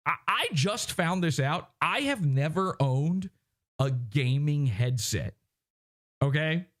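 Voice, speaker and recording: A man's voice: fairly high pitch, sing-song, slow, a bit bright. A man hosting a livestream podcast, lecturing and mocking in an emphatic ranting way into a broadcast microphone. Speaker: podcast host. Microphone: broadcast microphone with headphones.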